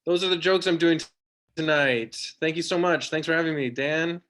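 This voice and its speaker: A man's voice: on the high side, moderate pace, fairly bright tone. A man in his thirties doing a rambling, self-deprecating stand-up set from his home over a video call, with lots of fillers. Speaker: stand-up comedian.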